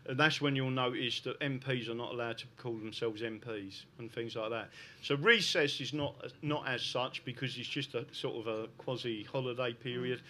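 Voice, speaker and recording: Fervent South London man, bright voice. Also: mid-range voice, normal speed, few pauses, a little hiss or hum. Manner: fervent, repetitive "right?" and "listen". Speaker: public speaker. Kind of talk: impassioned talk to an audience.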